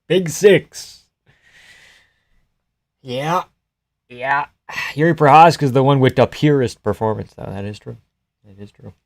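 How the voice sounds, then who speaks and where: A young man chatting casually and profanely on a live fight reaction stream, joking and yelling at the screen. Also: medium pitch, moderate pace, gravelly, pauses often. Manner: excitable, profane, laughing, yells at the screen.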